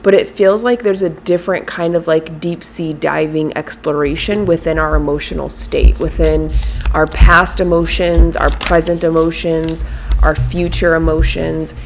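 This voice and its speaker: A woman giving a casual monthly tarot reading, chatting and murmuring softly as she shuffles cards. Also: sits low, steady tone, moderate pace. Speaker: tarot reader. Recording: music in background. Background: clear background music, shuffling cards.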